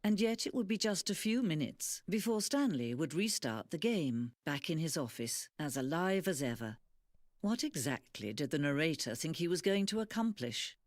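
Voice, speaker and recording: An actor playing a calm, wry, all-knowing male narrator, voicing measured, dry narration for a game. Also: on the high side, no room sound. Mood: musing.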